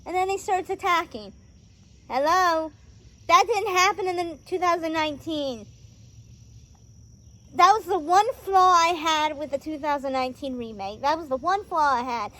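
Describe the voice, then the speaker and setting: A woman hosting a casual movie review vlog outdoors on a driveway, talking in an excitable, rambling way with lots of fillers. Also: extremely high pitch, normal speed. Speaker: host reviewing films.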